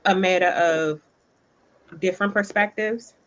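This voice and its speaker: A woman's voice: mid-range voice, fairly even intonation, a little slow, a bit bright. A woman co-hosting a casual chat, making her points thoughtfully and step by step. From the Bronx, New York. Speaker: co-host. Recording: dull lo-fi sound.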